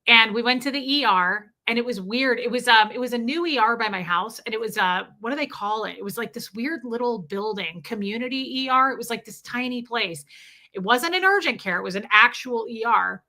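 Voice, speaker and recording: A woman's voice: on the high side, fairly quick, bright, forceful tone. A woman hosting a livestream, telling personal stories in a chatty way and reading out viewer comments as she goes. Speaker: livestream host. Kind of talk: casual storytelling to a live chat.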